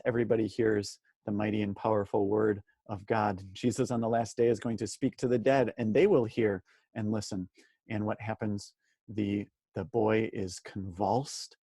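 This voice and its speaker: Guy doing a bible study, mellow husky voice, dry sound, earnest and asks lots of questions. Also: on the low side, dry recording. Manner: earnest, asks rhetorical questions, repeats words for emphasis. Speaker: Bible teacher. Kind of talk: daily Bible study talk.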